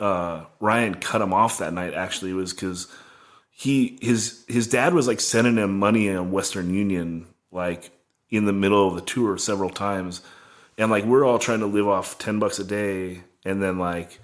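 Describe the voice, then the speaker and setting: A man's voice: on the low side, normal speed. Rambling man telling a road story. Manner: rambling storyteller, heavy "like" filler. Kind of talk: casual podcast chat.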